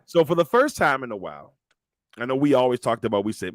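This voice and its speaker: A man's voice: mid-range voice, fast talker, no echo, clean studio sound. A man co-hosting a podcast, chatting casually and animatedly, acting out quotes as he retells events. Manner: animated storyteller, acts out quotes and entrance music. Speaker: podcast co-host. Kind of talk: casual wrestling chat.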